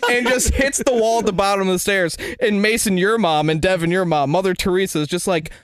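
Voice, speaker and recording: A man's voice: high voice, brisk, clear, resonant tone, no echo. A man co-hosting a casual podcast, telling a rowdy party story among friends with lots of swearing and laughter. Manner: animated, swearing, laughing through stories. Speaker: podcast co-host.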